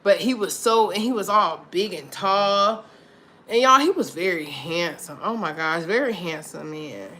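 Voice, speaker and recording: Chatty woman on a livestream. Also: fairly low pitch. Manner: animated, laughing, addresses viewers as girl and y'all. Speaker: vlogger on a livestream. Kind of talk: chatty livestream talk with viewers.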